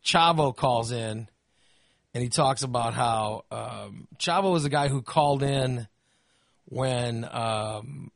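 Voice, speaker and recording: A man hosting a podcast, chatting casually and ranting with animated, profane energy. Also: mid-range voice, slow, vocal fry, dry recording, clean studio sound. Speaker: podcast host.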